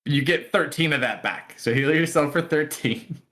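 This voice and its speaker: A man's voice: fairly high pitch, moderate pace. A man running a live tabletop game as dungeon master. He narrates, voices clanking sound effects, and talks rules with the players. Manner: animated, making sound effects for the monsters.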